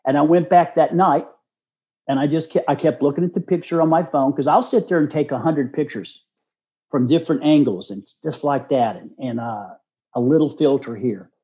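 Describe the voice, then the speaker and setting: Earnest older man with a mellow voice. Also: on the high side, moderate pace. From Texas. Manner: earnest, folksy, acts out quoted voices. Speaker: guest. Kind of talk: casual storytelling.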